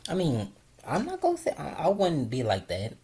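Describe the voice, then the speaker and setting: A woman co-hosting a casual chat, blunt and quick to laugh. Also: low voice, wildly swooping pitch, warm tone, slight background noise.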